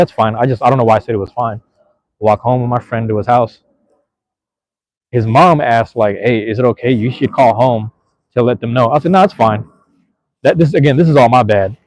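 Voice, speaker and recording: A man's voice: mid-range voice, darkish tone, no room sound. A young man from Seattle, hosting a podcast and telling a childhood story in a laid-back, slangy, profane way. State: out of breath. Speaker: podcast host. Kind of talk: casual storytelling.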